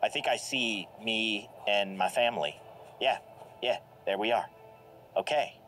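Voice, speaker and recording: A man giving lively, jokey commentary while playing a video game, reacting aloud and laughing often. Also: fairly low pitch, measured pace. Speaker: gameplay commentator. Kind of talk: let's play commentary. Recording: game music playing behind. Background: game music.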